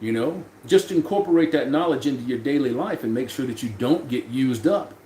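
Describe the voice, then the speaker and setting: A man's voice: mid-range voice, expressive, fairly quick, mellow. Man, livestream host, loose profane chat, roomy echo, faint hum behind. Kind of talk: casual live chat.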